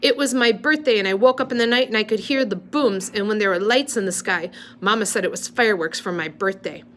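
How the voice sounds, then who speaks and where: A woman's voice: mid-range voice, a little fast, fairly bright tone, a little hiss or hum, natural voice. A woman reading a storybook aloud, voicing a whiny, stubborn five-year-old girl in a wailing, sing-song way. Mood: indignant.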